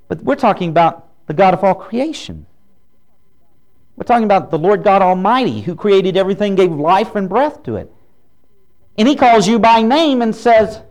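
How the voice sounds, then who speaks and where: A man's voice: high voice, lively intonation, moderate pace, a little mellow. A man preaching a folksy, humorous sermon as a pastor.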